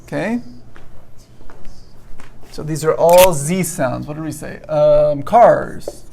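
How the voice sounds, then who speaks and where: A man teaching a pronunciation lesson, explaining slowly and checking in often with "okay?". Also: on the high side, creaky, dark tone. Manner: slow, repetitive, checking in with "okay?". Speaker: English teacher.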